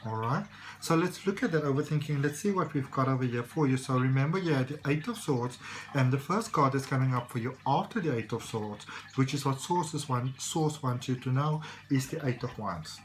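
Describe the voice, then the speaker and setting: Man, tarot reader, casual reading, rambling, reassuring, medium pitch, faint noise behind. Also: moderate pace, rough recording. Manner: rambling, reassuring, many fillers.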